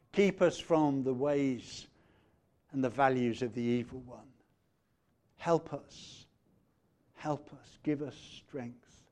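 A man preaching a sermon, measured, letting phrase endings fall quiet and growing animated when he retells a story. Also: mid-range voice. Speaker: pastor.

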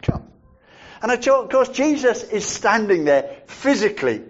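A male preacher with a high voice delivers a sermon slowly and thoughtfully. He leans on repeated phrases to drive each point home. The recording is dull and lo-fi. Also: very animated. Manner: measured, reflective, repeats phrases for emphasis.

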